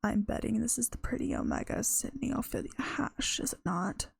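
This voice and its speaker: A woman reading the lines of a smug male caller who tries to sound smooth while making threats, in her own gravelly, husky voice. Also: on the high side, moderate pace, dry recording, studio quality, heavily acted. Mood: taunting. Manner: smooth-trying, mocking.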